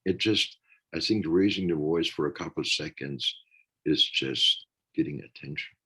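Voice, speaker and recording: A man's voice: very deep voice, normal speed, bright, forceful tone, husky, rough recording. A man talking earnestly in a reflective podcast conversation, acting out the remarks he quotes.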